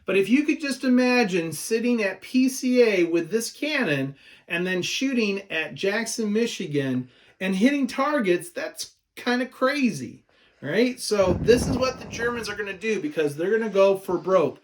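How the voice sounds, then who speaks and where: A man's voice: high-pitched, very animated, normal speed. A male history teacher giving a recorded lecture, repeating key notes and asking questions that he answers himself. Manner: asks the class questions and answers them himself.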